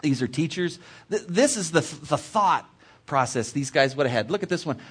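A man preaching a sermon, reading scripture and explaining it with expressive storytelling asides. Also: fairly high pitch, moderate pace, husky. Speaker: preacher in children's ministry. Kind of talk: sermon teaching from Bible text.

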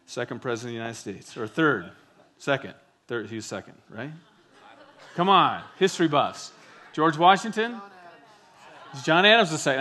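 A man preaching a sermon with a bright, forceful voice that sits a little high. He tells stories with animated delivery, acting out the quotes. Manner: animated storytelling, acts out quotes. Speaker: pastor.

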